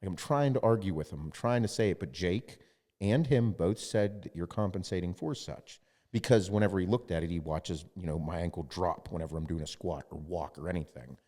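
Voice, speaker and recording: A man's voice: low-pitched, a little fast, mellow, in a large hall. A man hosting a podcast, telling a story in casual chat and quoting others, with lots of swearing. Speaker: podcast host.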